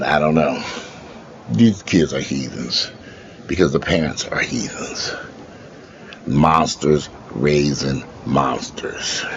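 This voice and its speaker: A man talking to his viewers from home in a blunt, profane, rambling monologue. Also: a bass voice. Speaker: vlogger. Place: at home indoors. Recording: slightly dull lo-fi sound with faint background noise.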